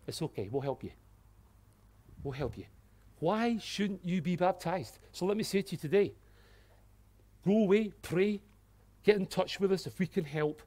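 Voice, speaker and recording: A man preaching a sermon, swinging from hushed, earnest passages to loud exclamations, with light-hearted asides. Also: high voice, animated, normal speed, pauses often. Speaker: pastor.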